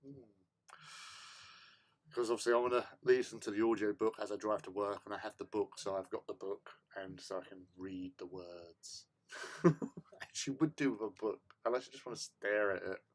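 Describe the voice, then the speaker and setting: A man's voice: fairly low pitch, moderate pace. A man hosting a hobby livestream, chatting casually in a rambling, self-mocking way. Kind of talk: casual chat.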